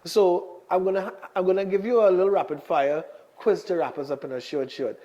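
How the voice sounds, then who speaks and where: A man's voice: sits high, fairly even intonation, brisk, dark tone, highs cut off. A man from Trinidad, hosting an interview and often repeating words as he restarts. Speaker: talk show host. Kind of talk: casual interview.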